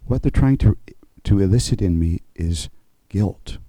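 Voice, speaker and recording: Mellow low-voiced male pastor preaching. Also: expressive, no echo, rough recording. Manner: conversational preaching, frequent "okay?" check-ins; slows and rises to stress key points. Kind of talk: sermon.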